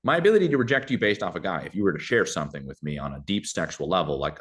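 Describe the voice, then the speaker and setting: A young man talks fast in a low, deep voice, handing out casual advice as a podcast guest. He is animated and slips into other voices to act out short exchanges. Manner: animated, acts out dialogue in shifting voices.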